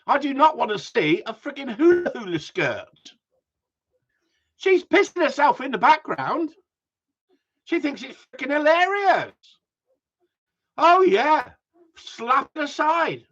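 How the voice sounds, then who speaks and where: A middle-aged man with a husky voice, chatting bluntly on a live stream with sweary, self-mocking banter. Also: very high-pitched, big pitch swings, slow, pauses often, a bit bright. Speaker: dog trainer livestreaming. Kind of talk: casual live-stream chat. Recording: dull lo-fi livestream audio.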